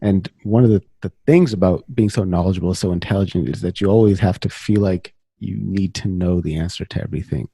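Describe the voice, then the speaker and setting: Deep husky guy hosting a podcast, dry close sound, friendly, kinda rephrases as he talks. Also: brisk, few pauses, mellow, dry recording. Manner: friendly, thoughtful, rephrases his questions. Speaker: podcast host. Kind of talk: interview questions.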